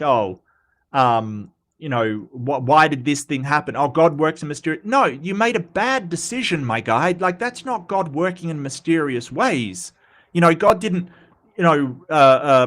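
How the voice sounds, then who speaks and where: A man's voice: on the high side, a bit bright. Sarcastic man hosting a live stream. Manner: sarcastic and exasperated, rambling with restarts. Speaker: host. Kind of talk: casual live-stream commentary.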